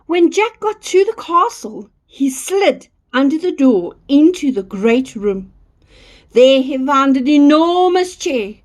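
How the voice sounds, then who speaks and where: Slow, high-voiced woman reading a children's story. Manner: slow, expressive read-aloud.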